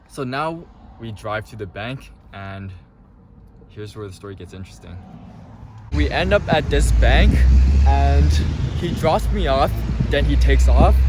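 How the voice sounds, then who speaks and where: A man casually telling a personal story to camera outdoors by a city street, chatty and full of filler words. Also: medium pitch. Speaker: vlogger. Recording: noisy outdoor street traffic. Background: passing cars.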